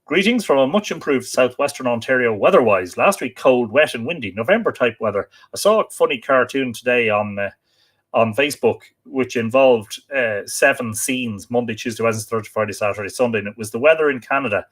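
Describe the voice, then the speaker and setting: A man's voice: medium pitch, expressive, fairly quick, a bit bright. An Irish man hosting a live stream from his home library, reading out viewer comments in a chatty, teasing way with frequent fillers. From Ireland.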